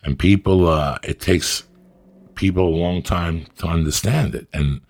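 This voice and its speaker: A man's voice: very deep voice, steady tone, moderate pace, breathy edge. A middle-aged man, talking bluntly and profanely as a guest in a casual podcast chat, rambling through stories. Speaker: podcast guest, actor and comic.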